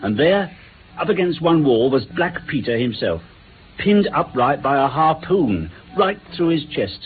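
An actor playing an earnest, frustrated police inspector in a radio drama, reporting in a plain, matter-of-fact way. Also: male voice, on the high side, very animated, unhurried. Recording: tinny phone-like radio broadcast with faint hiss.

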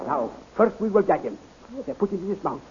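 An actor playing a calm, resourceful scientist who speaks formally in a 1930s radio serial. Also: male voice, high voice, a little fast, muffled recording. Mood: determined. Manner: formal, no contractions, steady commands. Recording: scratchy 1930s radio recording.

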